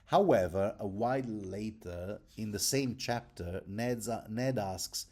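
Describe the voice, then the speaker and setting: A man's voice: lowish voice, takes it slowly, hardly any pauses, mellow. A man giving a rambling, casual commentary on a book, chatty and digressive and often mocking himself.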